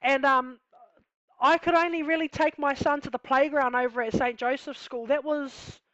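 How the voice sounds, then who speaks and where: A woman with a New Zealand accent tells her own story in a high, candid voice, leaning on "you know" and "like". The sound is dry and close, a little dull and lo-fi. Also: steady tone, moderate pace, a bit bright, no room sound. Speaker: vlogger telling her life story. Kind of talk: casual personal storytelling.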